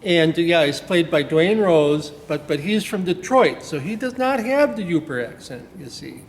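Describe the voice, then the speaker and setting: A man's voice: on the high side, expressive, normal speed. A man from Wisconsin, a play director, chatting in a casual interview, rambling with plenty of fillers and restarts. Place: small-town theater stage. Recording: echoey hall with faint noise.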